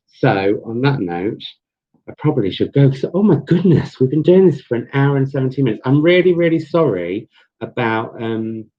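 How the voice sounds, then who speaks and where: Young man, low voice, chatty and rambling, full of ums, dull lo-fi stream audio. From England. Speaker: book vlogger hosting a live chat. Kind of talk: casual live-stream chat.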